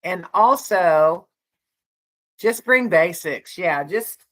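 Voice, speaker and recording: A woman's voice: lowish voice, animated, drawn-out words, a bit bright. A woman co-hosting a casual livestream, chatting with viewers in a rambling way and laughing often. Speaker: livestream co-host.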